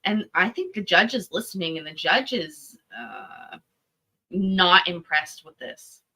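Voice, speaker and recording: A woman's voice: fairly low pitch, big pitch swings, takes it slowly, sharp tone, breathy edge. A woman commenting on a court clip, talking bluntly and with profanity. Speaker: commentator reacting to court testimony. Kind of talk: reaction commentary.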